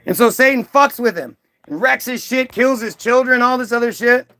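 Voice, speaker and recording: A man's voice: very high-pitched, normal speed, sharp tone. A man doing a profane, mocking stand-up comedy rant, slipping into silly voices for characters.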